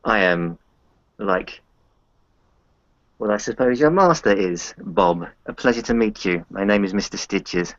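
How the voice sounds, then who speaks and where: A disfigured male vampire with courteous, formal phrasing, as a man voices him. The voice sits low, and the recording sounds dull and lo-fi. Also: expressive, a little slow, pauses often, no room sound. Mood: polite.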